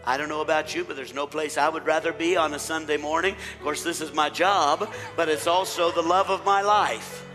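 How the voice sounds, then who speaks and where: A middle-aged man leading a church service as pastor, praying and welcoming his congregation, his voice rising and growing louder when he rallies the room. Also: fairly high pitch, fairly even intonation, brisk, hardly any pauses. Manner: warm pulpit delivery, rising loud when rallying the congregation. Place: church sanctuary. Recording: long church reverb with faint instrumental music.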